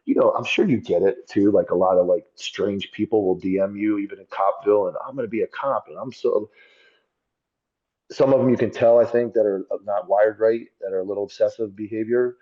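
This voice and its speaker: A man's voice: on the low side, steady tone, fairly quick, highs cut off. A former police officer as a podcast guest, telling his story in a blunt, profane, self-critical way. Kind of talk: candid conversational storytelling.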